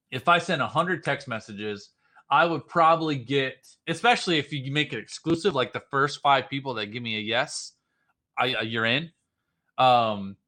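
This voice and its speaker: A man's voice: medium pitch, pushed and bright. A man giving business coaching on a livestream, emphatic and repetitive, often restarting his sentences. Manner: emphatic, repeats points, restarts. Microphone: livestream mic.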